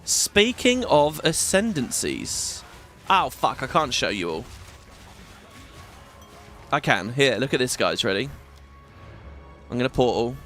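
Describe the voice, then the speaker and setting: A man's voice: medium pitch, lively intonation, a little slow, long pauses, sharp tone, faint music behind. Chatty British man narrating gameplay. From Britain. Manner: chatty, rambling, swears, many restarts. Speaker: gaming YouTuber. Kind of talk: casual gameplay commentary.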